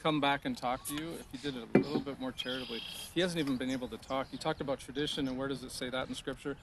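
A man's voice: mid-range voice, fairly even intonation. A man challenging a street preacher outdoors, politely insistent and stumbling over his words. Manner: quick, polite but insistent, stumbling restarts. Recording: outdoor crowd noise behind.

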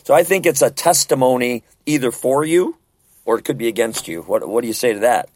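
Brief: man, mid pitch, earnest conversational Bible study leader, dry close recording. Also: expressive, fairly quick, a little mellow, dry recording. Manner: earnest, conversational, asks rhetorical questions. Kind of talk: casual Bible study discussion.

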